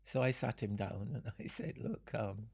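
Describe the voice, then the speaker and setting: Gravelly older man telling a story. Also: lowish voice, lively intonation, a little mellow. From Jamaica. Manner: unhurried, explains through analogies, laughs often. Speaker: interviewee. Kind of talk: reflective storytelling.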